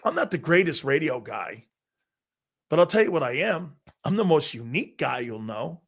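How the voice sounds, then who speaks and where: A middle-aged man from Connecticut hosting a live sports talk show, telling personal stories in an animated, emphatic way and swearing freely. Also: a little high, normal speed, gravelly.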